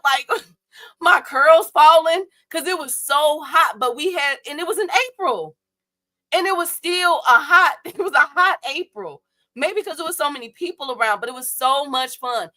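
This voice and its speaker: Young woman on a livestream ranting about boxing, blunt and slangy, bright voice. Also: high voice. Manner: animated, talks straight to her chat viewers, blunt and slangy. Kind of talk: casual livestream rant.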